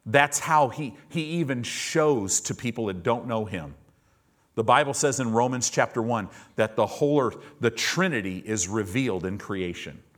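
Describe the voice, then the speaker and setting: A man preaching a sermon in a church, moving between loud, emphatic lines and hushed, low-voiced ones. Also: expressive, moderate pace. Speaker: pastor.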